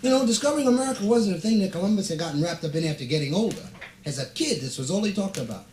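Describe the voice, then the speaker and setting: A man doing stand-up comedy, telling a story with playful, deadpan asides and drawn-out punchlines. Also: high voice, a little hiss or hum. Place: stage before a live audience. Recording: roomy live stage recording, audience laughter.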